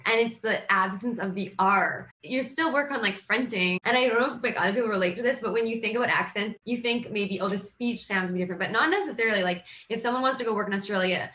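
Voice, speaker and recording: Chatty canadian lady hosting a podcast, bright voice, roomy echo. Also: mid-range voice. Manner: fast, chatty, laughs easily. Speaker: podcast host. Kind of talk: casual podcast interview.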